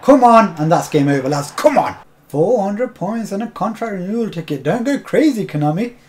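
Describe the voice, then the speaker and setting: Swearing gamer with a lively pitch. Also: male voice, moderate pace. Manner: swears a lot, bursts into shouting at the game. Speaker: gaming YouTuber. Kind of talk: live gameplay commentary.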